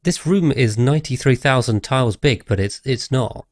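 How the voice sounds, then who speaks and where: Streaming a video game live, a man chats with his viewers and thinks aloud as he plays. His mid-range voice is animated, a little mellow, and at normal speed, recorded in studio quality with no room sound.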